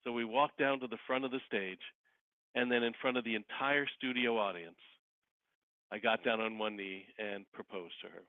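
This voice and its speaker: In a casual interview, a male guest speaks at a moderate pace in a medium-pitched voice over a dry, close, phone-like connection with no room sound. A wedding officiant and celebrity impersonator, he tells lively stories and voices the people in them.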